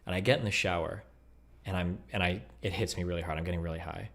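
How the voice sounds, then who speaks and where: A man's voice: low-pitched, fast, gravelly. A man calling into a stream, telling stories bluntly and swearing freely. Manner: blunt, swearing, animated storytelling. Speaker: caller. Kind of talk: casual chat.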